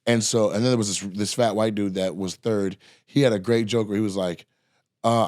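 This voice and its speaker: A man's voice: fairly low pitch, fairly quick, no echo. Man, podcast host, casual storyteller, acts out voices, dry close mic. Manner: animated, acts out other people's voices in stories.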